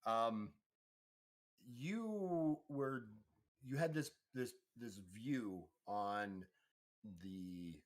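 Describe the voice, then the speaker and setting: A man's voice: medium pitch, extremely slow. A man in the game master's seat, describing scenes for his players. His delivery is loose and rambling, with easy restarts. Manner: relaxed, rambling, frequent restarts. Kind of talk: narrating a tabletop game.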